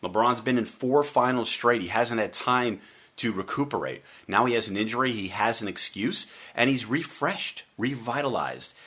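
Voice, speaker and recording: A man hosting a sports talk radio show, talking solo in a wry, joking, animated way. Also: medium pitch, normal speed, slightly rough. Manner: wry, joking and animated, with playful mock voices.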